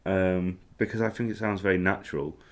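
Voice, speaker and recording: Deep-voiced man in lively chat. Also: a little fast. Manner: animated, chatty, swears freely. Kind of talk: casual chat. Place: a home flat.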